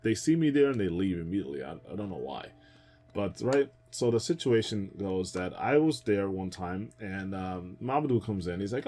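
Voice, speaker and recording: A young gaming streamer tells a rambling story during a casual let's-play, full of fillers, asides, and frequent laughs. His voice is fairly low, a little mellow, very animated, and brisk.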